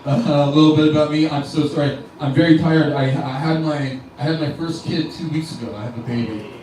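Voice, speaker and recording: Brisk and fairly even in intonation, this higher-leaning male voice belongs to a comedian delivering a profane, rambling club set full of self-interruptions and restarted sentences. Background noise and crowd ambience fill the echoey room, which is recorded from a distant mic.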